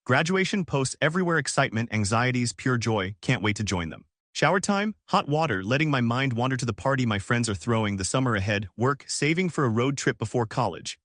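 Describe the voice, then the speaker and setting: A male narrator reads a first-person story in short, clipped fragments. His pitch swings a lot, and the recording is dry and close. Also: lively intonation, fairly quick, few pauses, a bit bright, no room sound. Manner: clipped, fragmentary phrasing, dramatic.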